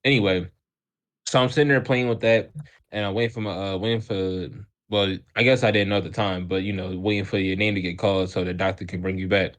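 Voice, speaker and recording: A man's voice: deep voice, steady tone, fast. A man co-hosting a podcast, casually telling a childhood story in a rambling way with lots of restarts. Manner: rambling, many restarts and fillers, laughs often. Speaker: podcast co-host.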